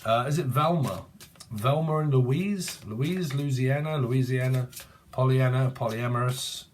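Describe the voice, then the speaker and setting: A man's voice: medium pitch, unhurried, a little hiss or hum. A man giving a rambling, playful tarot reading, free-associating and laughing often. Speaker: tarot reader.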